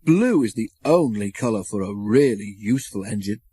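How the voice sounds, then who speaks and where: A man voicing a boastful male tank engine who is proud and quick to take offence, in a storybook reading. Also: fairly low pitch, lively intonation, warm tone, husky, no echo. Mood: boastful, cross. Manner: huffy and indignant.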